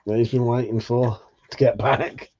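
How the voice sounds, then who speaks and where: A man's voice: medium pitch, darkish tone, slightly rough. Tired male streamer, laid-back and sweary, on a dull lo-fi mic. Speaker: livestream host. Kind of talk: casual live chat.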